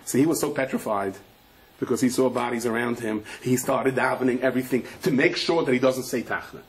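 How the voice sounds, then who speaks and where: Fast-talking rabbi telling stories. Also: male voice, medium pitch. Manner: rapid, animated storytelling with restarts. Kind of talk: sermon with storytelling.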